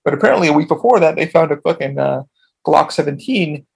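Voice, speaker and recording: A man's voice: on the high side, animated, quick pace, vocal fry, husky. A man hosting his own podcast, telling a long story in a casual, rambling way with lots of swearing. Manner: profane, rambling, frequent restarts. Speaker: podcast host.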